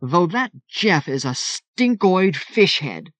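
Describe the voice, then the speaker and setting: A man's voice: on the high side, lively intonation, unhurried, dry recording. A man voicing a shaken, blunt teenage girl who talks in slang with a quavering voice.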